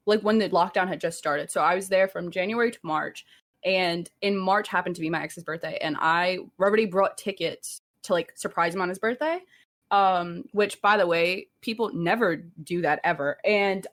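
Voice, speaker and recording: A woman's voice: lowish voice, moderate pace. A young woman from Staten Island co-hosting a podcast, chatting casually, laughing often and saying "like" a lot. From Staten Island, New York. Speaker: podcast co-host. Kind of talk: casual chat.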